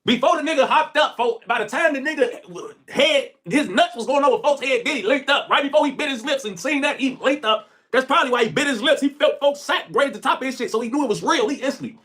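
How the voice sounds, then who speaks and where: High, fast-talking man. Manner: animated and profane, saying "folks" constantly. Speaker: livestreamer. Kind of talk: storytelling and joking on a live stream.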